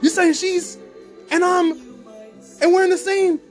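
A man's voice: extremely high pitch, unhurried, soft background music. A man hosting a podcast in a loose, rambling comedic monologue. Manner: animated storytelling with voiced bits, loose and rambling. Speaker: podcast host.

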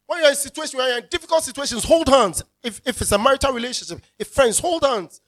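A man's voice: very high voice, fast, fairly bright tone. A male pastor preaching a sermon, emphatic and repeating his key phrases as he calls out to the congregation.

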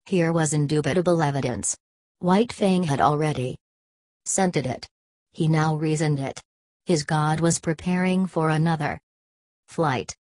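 Brief: woman audiobook narrator, deep and unhurried, dry close recording. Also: a little mellow, no room sound. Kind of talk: scripted narration of a classic novel.

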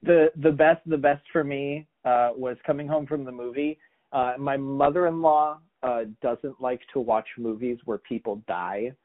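Male podcast host, mid pitch, loose rambling storyteller; tinny phone-like audio. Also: fairly even intonation, unhurried. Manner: rambling storyteller, many restarts and quoted voices. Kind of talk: casual chat.

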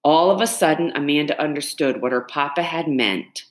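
A woman narrating a chapter book in an expressive, measured storytelling manner. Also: low-pitched. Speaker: audiobook narrator.

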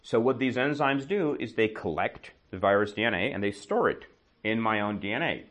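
A man with a slightly low voice tells a lesson as a casual story. He keeps asking himself questions and answering them, tacking "right?" onto his points. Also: a little fast. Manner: animated, asks and answers his own questions, often adds "right?". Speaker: teacher.

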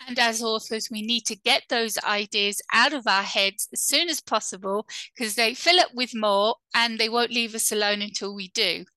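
A woman's voice: a little high, fairly even intonation, moderate pace, few pauses, bright, forceful tone, no echo. A woman hosting a podcast interview, chatty and friendly, with many fillers and frequent laughs. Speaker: podcast host. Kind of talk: casual interview chat.

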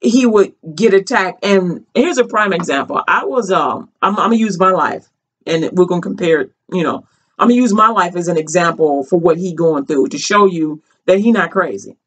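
A woman's voice: fairly low pitch, moderate pace. A woman vlogger in casual storytelling commentary, chatty and rambling, with many fillers and restarts, colloquial and earnest.

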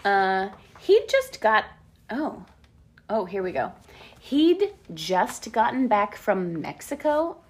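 A woman's voice: medium pitch, sing-song, slow. A woman in her late thirties hosting a casual chat, reading old diary entries aloud, giggling and spelling words out. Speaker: podcast host.

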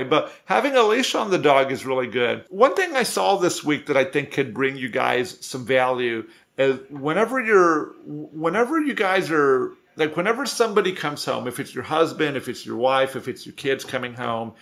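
A dog trainer coaches owners in a casual, conversational way, his talk full of restarts and asides. He has a gravelly, mid-pitched voice, speaks at a normal speed, and barely pauses.

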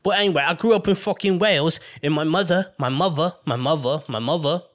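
A man's voice: on the high side, fairly quick, fairly bright tone. A man hosting a solo podcast, rambling casually, swearing constantly and laughing often. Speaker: podcast host.

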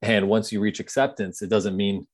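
A man's voice: lowish voice, flat delivery, moderate pace, no room sound, studio quality. A man speaking as an interview guest, telling his story in an earnest, reflective way. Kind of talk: conversational interview.

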